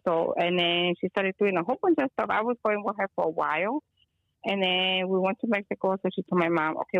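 A woman with a fairly low pitch, a guest healer, tells a lengthy, rambling story over a call, mixing Spanish words in among many fillers. There's no room sound, and the call audio comes through dull and lo-fi.

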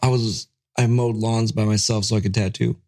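A man's voice: lowish voice, flat delivery, normal speed, a little mellow, echoey room, recorded from a distance. A man co-hosting a tattoo podcast, trading profane, joking banter in casual chat. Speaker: podcast co-host, tattoo artist.

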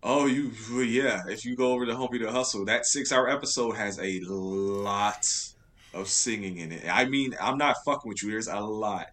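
A man guesting on a casual movie podcast, relaxed and swearing freely. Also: fairly low pitch, normal speed.

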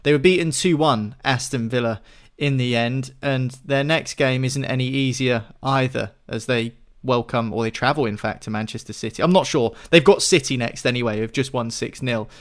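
A man's voice: mid-range voice, moderate pace, few pauses. A man hosting a football podcast, steadily moving the talk on to each new match. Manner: steady, leads topic changes. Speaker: podcast host.

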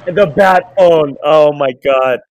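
A man's voice: fairly high pitch, takes it slowly, lo-fi sound. A young man co-hosting a casual podcast, telling stories animatedly and laughing often. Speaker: podcast co-host. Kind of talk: casual rewatch podcast chat.

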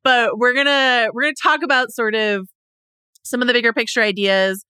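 A woman hosting a podcast over a video call, chatting quickly and excitably and laughing easily. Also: a little high, clear, resonant tone, dry recording, studio quality. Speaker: podcast host.

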